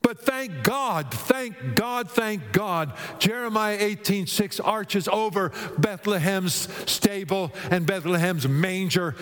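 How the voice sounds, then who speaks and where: Slow, deliberate preacher in a reverberant hall. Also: male voice, expressive. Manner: dramatic, swings between high exclaiming and low hushed delivery. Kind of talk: sermon.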